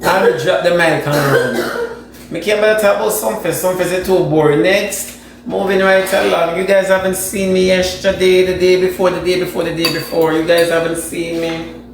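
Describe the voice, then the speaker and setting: This Jamaican-accented man delivers brisk, flat gossip commentary with vocal fry, his high voice staying sassy and dramatic in a reaction video. He's a social media commentator, heard in a very echoey room with faint noise.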